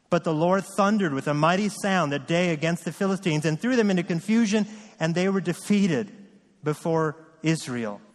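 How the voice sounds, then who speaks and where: A man's voice: fairly high pitch, big-room sound. A man preaching a sermon as pastor, reading scripture and driving points home with earnest repetition.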